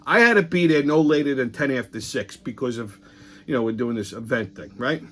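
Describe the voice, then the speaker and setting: A man's voice: mid-range voice, fairly quick, fairly bright tone. A middle-aged man, telling a long, profane story as a host, swearing constantly and acting out what people said. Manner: crude, rambling, swears constantly, acts out quotes.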